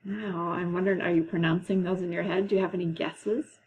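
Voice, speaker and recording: A woman teacher leading a classroom lesson, explaining patiently and slowly, with frequent "okay"s. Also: lowish voice, fairly even intonation, slightly rough, lo-fi sound. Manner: slow, patient, drawn-out explanations.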